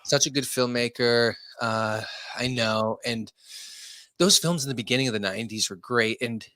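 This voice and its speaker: A man's voice: medium pitch, moderate pace, bright, forceful tone, no room sound. A man guest on a casual podcast, laid-back and loose, filling his talk with "like". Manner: laid-back, lots of "like" fillers. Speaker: guest, filmmaker.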